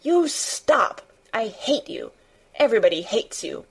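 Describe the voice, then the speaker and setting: A woman voicing a fierce, bossy little girl who shouts and scolds. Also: medium pitch, animated, measured pace. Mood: furious.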